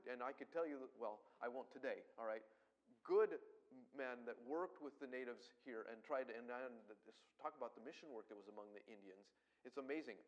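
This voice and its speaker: A middle-aged man from Colorado preaching a sermon as pastor, talking fast and swelling into loud emphatic bursts. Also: medium pitch.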